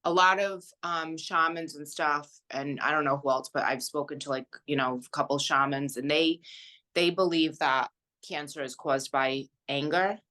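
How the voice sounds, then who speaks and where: A woman, an intuitive reader, talking in casual chat, halting and thoughtful with many fillers. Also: low-pitched, fairly even intonation, pushed and bright.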